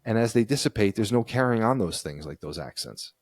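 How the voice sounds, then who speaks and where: A man's voice: lowish voice, lively intonation, brisk, a little mellow, no echo. A man co-hosting a podcast from the United States, thinking aloud in a rambling casual chat with frequent restarts. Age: adult, a parent. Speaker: podcast co-host.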